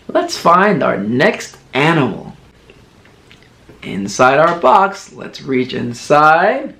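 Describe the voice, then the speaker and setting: A man teaching toddlers in a children's educational video, talking in a slow, exaggerated, encouraging sing-song and playfully imitating animal sounds. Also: a little high, sing-song, vocal fry, pushed and bright. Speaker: teacher and kids' entertainer.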